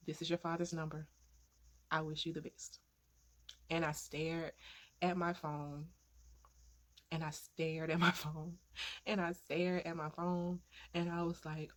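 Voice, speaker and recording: A woman vlogger with a lowish voice shares a heartfelt personal story earnestly. She repeats phrases for emphasis and moves into faith-filled encouragement.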